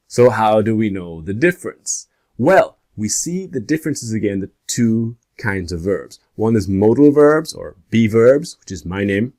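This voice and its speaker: A man teaching an English grammar lesson, speaking slowly and deliberately and stressing each example question. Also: fairly low pitch, darkish tone.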